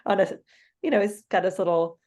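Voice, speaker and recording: Woman podcast co-host; animated, laughing storyteller, ordinary mid-range voice. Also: mid-range voice. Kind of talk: casual storytelling.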